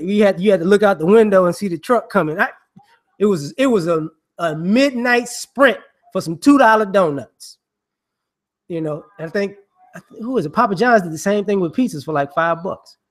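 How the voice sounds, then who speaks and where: High-voiced man rambling in slangy commentary. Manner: rambling, slangy, digressive, with repeated "you know"; acts out people he mocks with quick voices. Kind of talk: casual monologue commentary.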